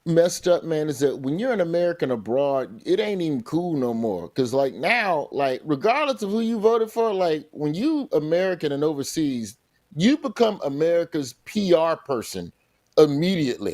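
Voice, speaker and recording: A man, a comedian and TV host, telling stories in a casual chat and jumping into quick character voices. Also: a little high, no echo. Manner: animated storytelling, slips into character voices. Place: remote, in London.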